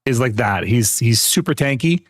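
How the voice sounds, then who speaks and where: A young man gives casual, chatty commentary while he plays a game live, laughing often between his explanations. His voice sits at an ordinary middle pitch and sounds dry and close, with no room around it. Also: lively intonation, normal speed, no echo. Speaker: streamer.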